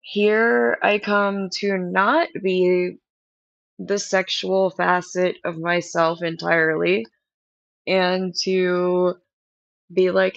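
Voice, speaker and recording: A woman's voice: on the low side, little pitch movement, very slow, vocal fry, no echo, dull audio. A woman hosting a livestream, chatting candidly to viewers and rambling through stories with lots of fillers. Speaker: livestream host. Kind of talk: casual chat to stream viewers.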